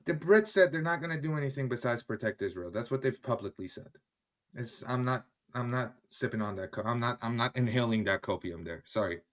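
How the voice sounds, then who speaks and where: A man's voice: mid-range voice, lively intonation, a little fast. Male streamer, angry chat replies, blunt and profane, talking from his kitchen. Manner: heated, swearing, switches between English and German. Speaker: livestream host. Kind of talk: casual livestream commentary reading chat. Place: home kitchen.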